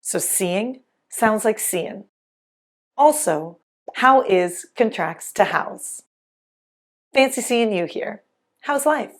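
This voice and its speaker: In a scripted lesson, a woman with a slightly high voice teaches English pronunciation, speaking carefully and enunciating clearly.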